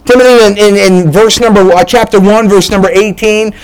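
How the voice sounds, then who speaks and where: A man's voice: high-pitched, fairly even intonation, brisk, clean tone, rough recording. A man preaching a sermon as a pastor, emphatic and repetitive, often restarting his phrases.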